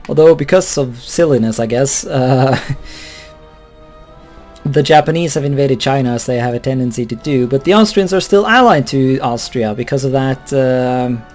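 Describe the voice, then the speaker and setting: A man's voice: medium pitch, darkish tone. A man giving casual, rambling commentary over a strategy game, chuckling and swearing offhandedly. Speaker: let's play host.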